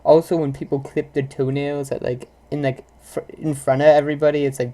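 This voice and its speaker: A woman's voice: low voice, little pitch movement, fairly quick, hardly any pauses, warm tone. A young woman vlogger ranting live about pet peeves, exasperated and rambling, full of "like" and "if you know what I'm saying". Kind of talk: live casual rant to viewers.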